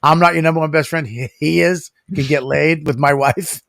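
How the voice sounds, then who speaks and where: A man's voice: a little high, steady tone, moderate pace, gravelly, fairly bright tone, no echo, clean studio sound. Profane ranting middle-aged man. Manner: profane, ranting, laughs often. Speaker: podcast co-host. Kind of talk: crude comedic banter.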